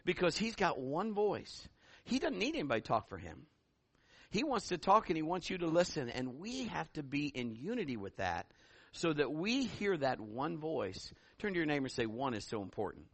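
A middle-aged man preaching a sermon as pastor, telling stories in an animated way and building to loud calls. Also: a little high, normal speed, slightly rough, dry recording.

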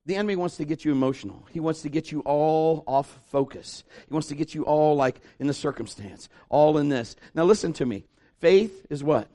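A middle-aged male pastor delivering a sermon, animated and story-driven, with a notably high voice. He slips into other people's voices as he tells the story. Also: fairly quick.

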